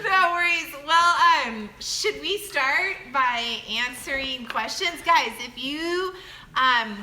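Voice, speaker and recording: A woman's voice: high-pitched, animated, takes it slowly, pushed and bright, slight background noise. A woman, a mother hosting a family livestream Q&A, chatting in a giggly way with lots of hesitant fillers. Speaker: mother and channel host.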